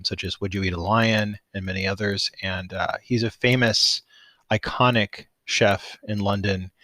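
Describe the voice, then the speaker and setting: A man's voice: lowish voice, a bit bright, no echo. A man hosting a podcast, wrapping up the episode with an enthusiastic, gushing outro full of restarts. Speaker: podcast host.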